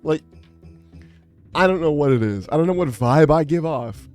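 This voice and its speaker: A man's voice: a little high, expressive, moderate pace, darkish tone, soft background music. A young adult man streaming, chatting casually in a rambling, exasperated, profane way. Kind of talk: casual livestream chat.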